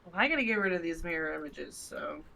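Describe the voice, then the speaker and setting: A player at a tabletop game, speaking softly and calling out rolls. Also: medium pitch, lively intonation, fast talker, creaky, slight background noise. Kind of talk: casual tabletop play.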